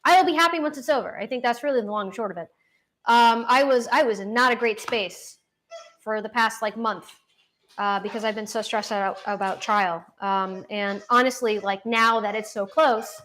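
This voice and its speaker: A woman's voice: on the high side, normal speed, a bit bright. A young woman chatting casually and rambling on a livestream from home, with lots of fillers and restarts. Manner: swears casually, self-deprecating humor. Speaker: livestream host. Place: at home with her dog. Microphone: laptop.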